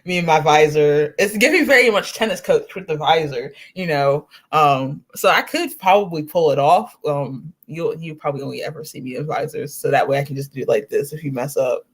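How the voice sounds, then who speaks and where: A woman's voice: sits low, fairly quick, few pauses, slightly rough. A woman co-hosting a casual tennis chat, laughing often and acting out what she would say to players. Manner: giggly, animated, acts out quoted remarks.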